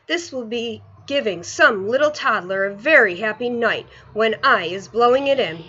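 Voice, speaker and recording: A woman doing the big friendly giant, muddled and loud. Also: on the high side, animated, moderate pace, breathy edge, lo-fi sound, full character voice. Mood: delighted. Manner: rustic, muddled grammar and invented words. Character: big kindly male giant, excitable, mangled grammar. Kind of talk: storybook read-aloud.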